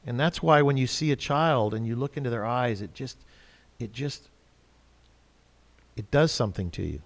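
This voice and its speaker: Male host, thoughtful and unhurried, recorded with a lingering hall echo. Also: medium pitch. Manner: reflective, calm, halting. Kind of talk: spiritual discussion. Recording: long hall reverb.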